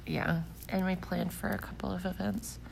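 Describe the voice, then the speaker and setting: A woman's voice: on the low side, fairly even intonation, moderate pace, vocal fry, slight background noise, poor audio. A young woman with the hiccups, chatting casually and rambling through a trip recap with lots of fillers. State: has the hiccups. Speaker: volunteer recapping a church trip. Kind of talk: casual chat.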